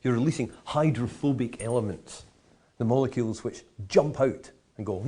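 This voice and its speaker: Husky man explaining with relish. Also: mid-range voice, fairly quick, warm tone. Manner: enthusiastic, vivid comparisons, playful asides. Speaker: whisky educator. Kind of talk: explanatory tasting talk.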